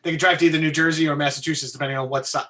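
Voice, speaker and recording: Long island guy, highish bright voice, swears a lot, rambles and cracks himself up. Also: steady tone. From Long Island, New York. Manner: profane, rambling, quick to laugh. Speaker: co-host. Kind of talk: casual chat.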